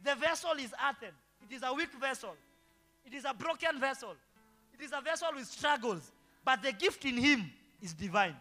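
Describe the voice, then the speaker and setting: A man's voice: very high-pitched, lively intonation, normal speed, pauses often, pushed and bright. A male pastor preaching a sermon, throwing rhetorical questions to the congregation. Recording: long hall reverb with faint guitar.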